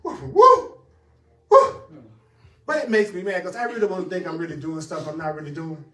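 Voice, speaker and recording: High-voiced, emphatic man teaching in an echoey room. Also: steady tone, fast talker, far from the mic. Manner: emphatic, laughing, talks straight to the audience. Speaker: spiritual teacher. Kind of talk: teaching a class.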